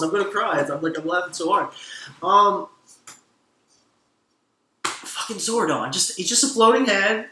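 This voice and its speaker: A man hosting an entertainment news show, chatting excitedly with frequent laughter and swearing, addressing his audience directly. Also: high voice, unhurried, pauses often, roomy sound, a little hiss or hum. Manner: excitable, laughing, profane, addresses "ladies and gentlemen". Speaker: host. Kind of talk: casual entertainment news commentary.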